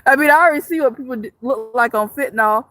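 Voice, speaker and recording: Speaking quickly in a high, pushed, bright voice, a woman live streamer chats casually with her viewers and reads their comments. She jokes, swears freely, and rambles with frequent restarts.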